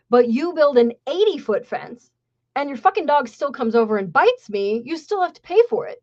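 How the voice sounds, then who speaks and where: A woman's voice: on the high side, highs cut off. A woman hosting a podcast, telling a story in a blunt, sarcastic and profane way. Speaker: podcast host. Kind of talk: casual storytelling.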